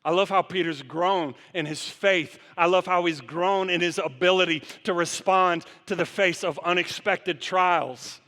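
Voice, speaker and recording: A man preaching to his congregation with a high, ringing, bright voice. He fires one rhetorical question after another at his listeners. His words trail off into the long reverb of a church sanctuary. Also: measured pace, few pauses. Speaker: pastor. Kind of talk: sermon.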